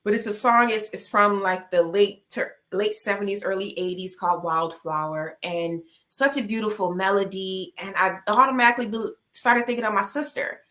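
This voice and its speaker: Woman life coach, tense bright tone, passionate and heartfelt on a podcast. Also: mid-range voice, moderate pace, few pauses. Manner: heartfelt, emotional, rising to passionate pleading. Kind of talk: podcast testimony.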